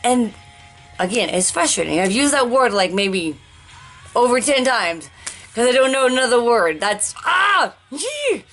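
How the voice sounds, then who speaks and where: A woman talking candidly in a personal vlog, rambling and searching for words with restarts and sighs, speaking slowly and deliberately. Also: a little high, expressive, fairly bright tone, faint music behind. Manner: slow, deliberate pacing. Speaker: vlogger sharing life after a stroke.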